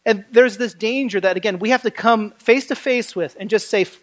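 A man's voice: sits high, brisk. A man preaching a sermon in a conversational style, acting out the voices he quotes.

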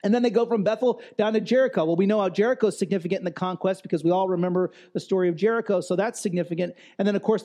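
High-voiced mellow preacher man. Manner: conversational preaching with restarts and emphatic repetition. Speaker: pastor. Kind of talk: sermon.

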